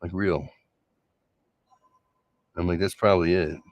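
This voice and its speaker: A man's voice: low-pitched, steady tone, measured pace, no room sound, muffled recording. A man hosting a solo show, telling a rambling personal story in a sarcastic, casual way with frequent restarts. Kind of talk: casual monologue.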